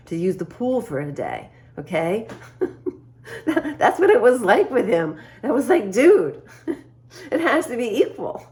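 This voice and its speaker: A woman talks straight to her viewers in a casual, confiding way, telling a story from her own life. She breaks into laughter often and acts out the lines of the people in it. Her pitch sits in the middle range for a woman. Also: darkish tone. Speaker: vlogger.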